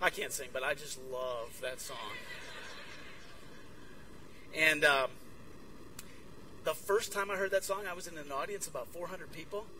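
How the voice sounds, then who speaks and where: A man giving a lively sermon as a guest speaker to a conference crowd, acting out bits of dialogue. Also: a little high, measured pace, long pauses, far from the mic, a little hiss or hum, rough recording. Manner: energetic, acts out dialogue. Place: conference room with audience.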